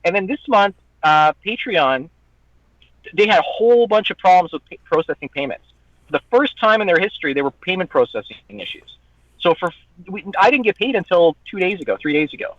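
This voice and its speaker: High-voiced man ranting in lo-fi audio. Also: lively intonation, fairly quick, fairly bright tone, dry recording. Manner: heated, profane ranting with mocking quoted voices. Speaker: guest, online content creator. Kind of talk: casual podcast chat. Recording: dull lo-fi dry audio.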